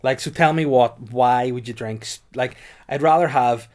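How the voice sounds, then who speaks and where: Deadpan young man. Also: mid-range voice, normal speed. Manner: deadpan absurd storytelling. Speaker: podcast host. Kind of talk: casual comedic chat.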